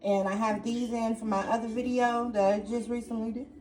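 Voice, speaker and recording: A woman's voice: on the high side, little pitch movement, a little fast. A woman talking casually to her phone camera while tending seedlings indoors, thinking aloud with lots of fillers and restarts. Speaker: gardening vlogger. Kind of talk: casual home gardening vlog.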